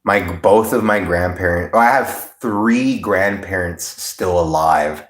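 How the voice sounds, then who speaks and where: A man's voice: low-pitched, takes it slowly. A man hosting a livestream, chatting casually with viewers in a blunt, profane, laid-back way. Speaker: livestream host. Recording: roomy echo.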